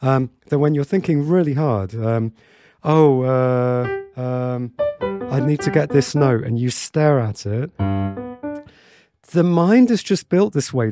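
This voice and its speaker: A man's voice: mid-range voice, dark tone. A man teaching a piano tutorial in a chatty way, with many fillers and restarts, counting beats aloud.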